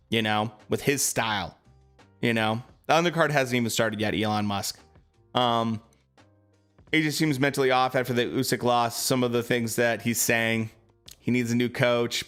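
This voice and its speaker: A man's voice: medium pitch, fairly bright tone. Casual man talking boxing. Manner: casual, filler-heavy, answers chat. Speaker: streamer. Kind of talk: casual live-stream boxing chat.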